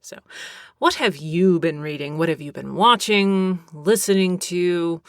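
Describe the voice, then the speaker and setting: A young adult woman from Texas hosting a solo podcast, rambling with self-mocking asides, giggles and hushed whispered mutters. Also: fairly low pitch, measured pace, dry recording, clean studio sound. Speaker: podcast host.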